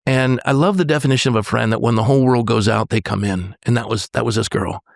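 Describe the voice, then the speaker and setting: A man in his sixties, a pastor, telling a personal story on a podcast in an earnest, halting way, often restarting and quoting dialogue. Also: medium pitch, creaky, dry recording, studio quality.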